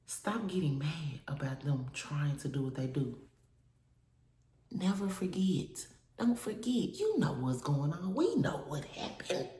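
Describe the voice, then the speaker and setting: A woman's voice: sits low, big pitch swings, measured pace. A woman in her thirties telling a story to her viewers in a blunt, profane, emphatic way, repeating her points for effect. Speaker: vlogger. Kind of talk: casual storytelling rant to viewers. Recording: echoey room with loud background noise.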